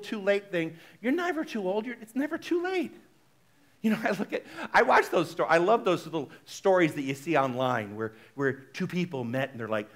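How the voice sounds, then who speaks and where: High-voiced chatty male minister. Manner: chatty, frequently asks the congregation "right?"; animated, shifts between loud exclamations and soft asides. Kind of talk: conversational sermon.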